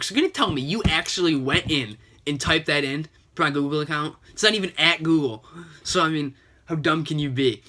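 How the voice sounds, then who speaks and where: This is casual gaming vlog commentary from a young male YouTuber who's a bit sick and sniffly. He sarcastically replays an exchange with a scammer, leaning on "and he's like" again and again, in a slightly high, brisk voice that sounds pushed and bright.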